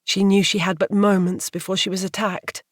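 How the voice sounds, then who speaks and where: A woman narrating a romance audiobook in a measured, atmospheric way. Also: medium pitch, little pitch movement, no echo, studio quality. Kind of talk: scripted narration.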